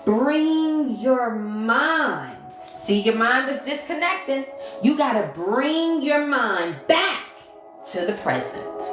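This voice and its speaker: A woman giving a casual livestream talk as a mindset coach. She repeats key phrases and stops to answer viewer comments. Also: high voice. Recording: roomy sound with music behind. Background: background music.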